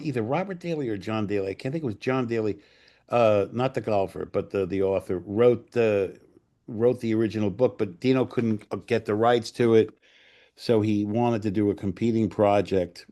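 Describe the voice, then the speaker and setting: A man's voice: fairly low pitch, moderate pace, warm tone. Rambling older male storyteller. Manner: rambling, profane, many fillers and restarts. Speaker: screenwriter and director, guest. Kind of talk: casual anecdotal storytelling.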